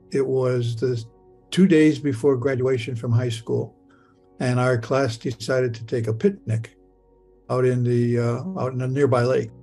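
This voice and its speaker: Older man with a gravelly voice, stammering. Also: medium pitch, dark tone. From Michigan, USA. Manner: halting, stammering, repeats words. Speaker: interviewee recounting a near-death experience. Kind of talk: personal testimony told in the present tense.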